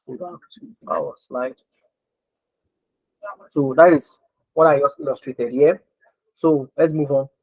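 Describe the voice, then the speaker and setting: A man's voice: a little high, steady tone, takes it slowly, vocal fry, long pauses, lo-fi sound. Emphatic man teaching design. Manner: repetitive, emphatic, keeps checking if listeners follow. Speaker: design instructor. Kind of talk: online screen-share lesson.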